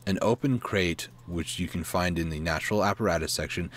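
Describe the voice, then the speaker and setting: A man with a deep, low voice reads an in-game guide aloud for his let's play. He trips over words and restarts them, and breaks off to muse and ask himself questions. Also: fairly bright tone. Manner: reads aloud haltingly, stumbling and self-correcting; asides and questions to himself between reading. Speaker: gaming channel host.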